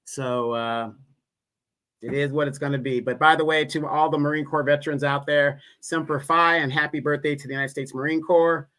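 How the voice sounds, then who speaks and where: A man's voice: on the high side, flat delivery, normal speed, pushed and bright. A man joining a live online talk show as a guest, chatting casually with laid-back asides. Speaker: panel guest. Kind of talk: casual chat.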